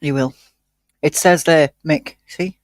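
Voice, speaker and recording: A woman's voice: sits low, fairly even intonation, slow, no echo, clean studio sound. A woman co-hosting a casual chat, teasing and bantering with the host.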